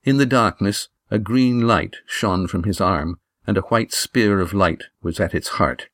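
A man reading a novel aloud as narrator, in a measured, even delivery. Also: lowish voice, dry recording, clean studio sound. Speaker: audiobook narrator. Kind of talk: scripted narration.

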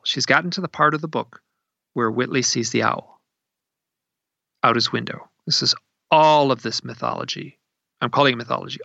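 A man telling a story in a conversational way, animated and acting out what people said, recorded at his desk. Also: mid-range voice, gravelly, dry recording, highs cut off. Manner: animated, acts out quoted speech in a raised voice.

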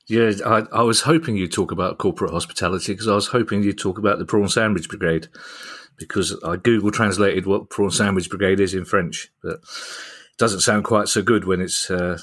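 A man with a lowish voice hosts a podcast, full of dry, self-mocking asides. He moves between jokes and the next story with an easy, chatty delivery. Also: steady tone, a little fast, a bit bright, breathy edge. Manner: wry, jokey. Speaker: podcast host. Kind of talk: podcast banter.

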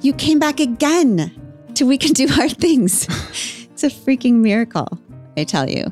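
A woman's voice: high voice, big pitch swings, unhurried, darkish tone, faint music behind. A woman hosting a podcast in casual chat, wry and emphatic, laughing often. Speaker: podcast host.

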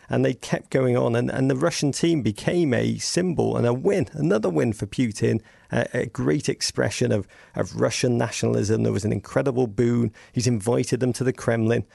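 A man with an English accent tells his stories with animation, often breaking off and starting his sentences again. His voice is heavily gravelly and full of fry. He is recorded dry and close, with no room sound. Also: medium pitch, no room sound. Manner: animated storyteller, frequent restarts. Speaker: podcast guest. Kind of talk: casual chat.

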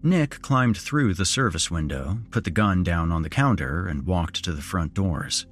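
A man's voice: low-pitched, lively intonation, a little slow, soft background music. A man telling a first-person horror story, dramatic and moving between wry asides and tension.

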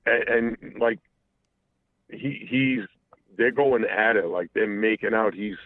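A man calling in and telling a personal story casually, halting and profane, full of restarts. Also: on the low side, dry recording. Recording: tinny phone line.

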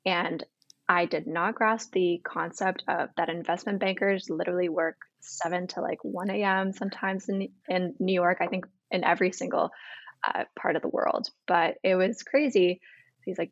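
A woman's voice: lowish voice, fairly even intonation, moderate pace, no room sound. Young woman guest, storyteller, casual and chatty, dull dry sound. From Canada. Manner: chatty, full of "like" and quoted dialogue. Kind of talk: storytelling interview.

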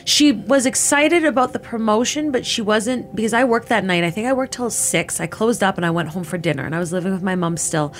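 A woman in her thirties giving a candid personal account in halting, casual speech full of "like" fillers and restarts. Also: mid-range voice, animated, soft background music. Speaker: interviewee recounting her experience.

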